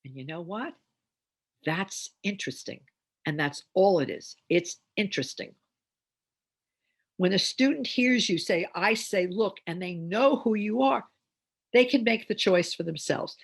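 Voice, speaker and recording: An older woman, a reading teacher, giving an instructional demonstration and sounding out phonemes slowly and deliberately. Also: lowish voice, creaky, husky.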